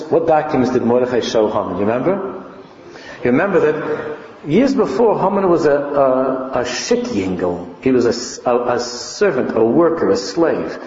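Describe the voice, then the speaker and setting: This mid-range male voice belongs to a rabbi preaching about Purim, his animated delivery swelling into fervent passion. Reverb from the hall is clear, and the audio is muffled and low-fidelity with a faint hiss behind it.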